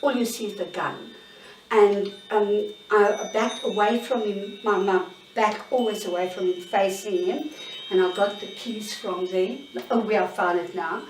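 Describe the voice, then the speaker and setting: A woman's voice: mid-range voice, steady tone, slight background noise. Woman in her sixties, roomy. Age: 60s. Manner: candid, halting, searching for words. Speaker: interviewee. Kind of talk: personal account in an interview. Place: bedroom in her own home. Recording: roomy sound, mic at a distance.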